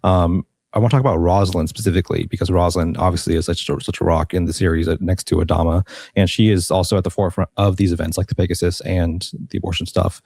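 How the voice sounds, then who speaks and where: A man hosting a casual panel discussion, thoughtful and unhurried, with many pauses and restarts. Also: sits low, steady tone, vocal fry, darkish tone, no room sound. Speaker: podcast host.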